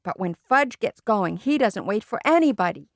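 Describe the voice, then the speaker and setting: A woman reads a children's book aloud in a plain, steady storytelling voice. Her pitch is middling. The recording is dry and close. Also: normal speed, dry recording. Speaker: audiobook reader.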